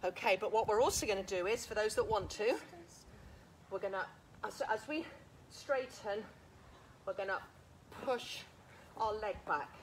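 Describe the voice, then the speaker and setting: A woman's voice: medium pitch, unhurried, long pauses, slight background noise. A woman leading a live workout class, counting reps, cueing moves and encouraging everyone while a bit out of breath. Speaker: fitness instructor. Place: outdoors.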